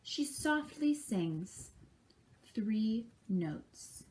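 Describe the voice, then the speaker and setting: A woman's voice: a little high, very animated, very slow, a little mellow, a little hiss or hum. A woman reading a picture book aloud to children at a library, stopping to chat and imitate bird calls with them. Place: library program.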